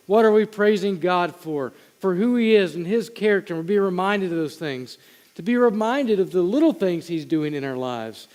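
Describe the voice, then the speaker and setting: A man's voice: high-pitched, expressive, moderate pace, a little mellow, clear, resonant tone. A man preaching a sermon to his congregation in a conversational way, with asides to the people in front of him. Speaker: pastor. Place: church sanctuary. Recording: long hall reverb.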